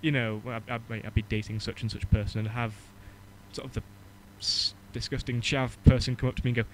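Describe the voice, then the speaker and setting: An Englishman, chatting on a podcast and laughing often between quick joking asides. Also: mid-range voice, level tone, slight background noise, rough recording. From England. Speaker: podcast co-host. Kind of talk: casual chat.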